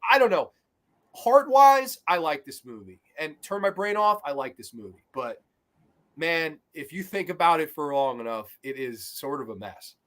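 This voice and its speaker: A man in casual podcast chat about movies, animated and swearing freely, often trailing off into fillers. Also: a little high, moderate pace. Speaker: podcast co-host.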